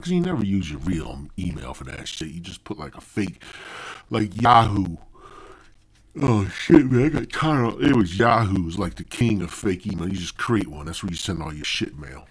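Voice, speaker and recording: A man's voice: deep voice, expressive, moderate pace. Rambling, foul-mouthed male podcaster. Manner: profane, rambling, digressive. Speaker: podcast host. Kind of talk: comedic storytelling monologue.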